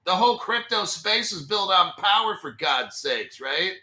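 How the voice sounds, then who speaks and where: A man's voice: sits high, lively intonation, measured pace, sharp tone. A man hosting a crypto channel, talking in a casual, blunt and exasperated way straight to his viewers as he works at his computer. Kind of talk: casual livestream commentary.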